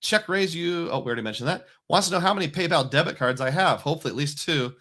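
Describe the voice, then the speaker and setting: A chatty man hosting a relaxed livestream from a home setup. His voice sits a little higher than most men's. He wanders through the topic and reads out supporter names one after another. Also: fast. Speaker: livestream host. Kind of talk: casual livestream chat.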